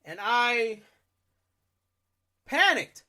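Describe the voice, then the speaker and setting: A young adult podcast host telling a story in a profane, self-mocking, animated way. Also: mid-range voice, extremely slow.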